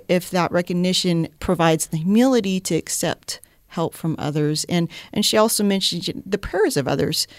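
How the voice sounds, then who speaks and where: A woman's voice: lowish voice, no echo. A woman co-hosting a faith discussion, thinking aloud in a searching, thoughtful way. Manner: thoughtful, searching, many restarts.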